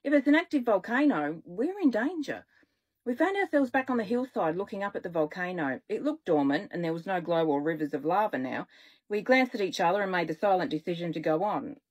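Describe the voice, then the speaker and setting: A woman children's author reading aloud from her own stories, with lively, expressive storytelling. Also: on the low side, fast talker.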